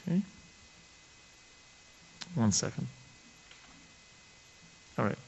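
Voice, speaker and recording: A man leading a scripture study class, reading passages aloud and explaining them in a halting way, with many fillers and restarts. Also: medium pitch, animated, vocal fry, a little mellow, lo-fi sound, a little hiss or hum.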